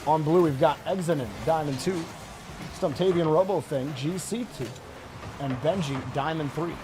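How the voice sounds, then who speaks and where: A man's voice: a little high, moderate pace, over music. A man casting a live video game match, chatting and giving play-by-play. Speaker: esports caster. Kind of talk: live game commentary and chat.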